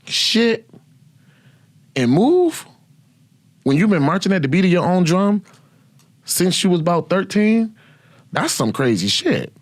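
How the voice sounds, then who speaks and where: A man hosting his own podcast, telling profane, animated stories about his past and laughing often. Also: high-pitched, moderate pace, dry recording. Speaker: podcast host. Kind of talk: casual storytelling.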